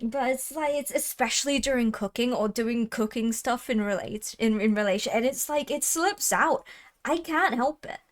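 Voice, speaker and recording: Young woman streamer just chatting, laughs a lot, kinda high-ish voice. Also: moderate pace. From Thai heritage. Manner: chatty, laughs often, trails off. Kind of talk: casual chat on a livestream.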